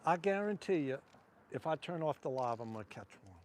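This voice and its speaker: A man's voice: a little high, animated, fairly quick, darkish tone, a little hiss or hum. Drawling Louisiana man fishing at night. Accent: Southern US (Louisiana). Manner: rambling, drawling, talks to viewers between casts. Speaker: fishing livestreamer. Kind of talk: casual livestream chat while fishing. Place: outdoors on a wharf at night.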